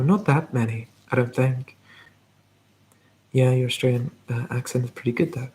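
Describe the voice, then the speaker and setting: A man hosting a live whispered ASMR Q&A, talking softly and rambling as he reads out viewer comments. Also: mid-range voice, fairly even intonation, moderate pace, pauses often. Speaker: ASMR channel host.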